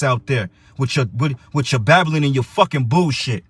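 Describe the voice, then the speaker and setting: A man's voice: medium pitch, normal speed, few pauses, a bit bright, slight background noise. A man teaching for a religious camp, giving a heated, profane preaching rant that reads and explains scripture.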